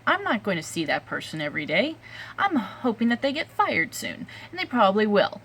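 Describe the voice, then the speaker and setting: A woman's voice: medium pitch, sing-song, brisk, a bit bright, slight background noise. A young adult woman vlogging an angry rant, swearing often and breaking off with fillers and sighs.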